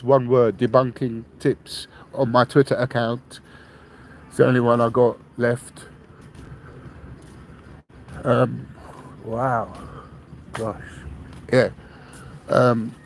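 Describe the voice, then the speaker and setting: Faint traffic can be heard on this rough recording of a mid-range male voice. The speaker, a London-raised English podcast host, rambles defiantly to listeners, bluntly swearing, repeating himself, and tagging lines with "yeah?".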